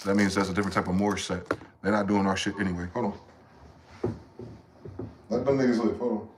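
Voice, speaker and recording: Low-voiced man ranting on a livestream. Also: steady tone, background noise. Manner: ranting and profane, with sudden high-pitched shouted outbursts; repeats words in rapid chains. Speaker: livestream host. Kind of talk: livestream monologue.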